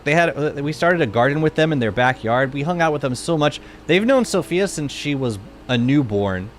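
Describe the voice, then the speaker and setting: A man in his thirties streaming a game, chatting casually and excitably with many restarts. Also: fairly high pitch, slight background noise. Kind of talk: casual live-stream chat.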